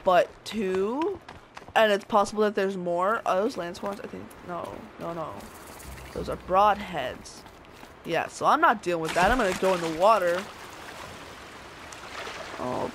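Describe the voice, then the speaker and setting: A woman commentating as she plays a video game, chattering to the enemies and squeaking up high when she panics. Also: normal speed, background noise. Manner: excitable, talks to enemies, voice shoots up when panicked. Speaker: gameplay streamer. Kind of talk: let's play commentary.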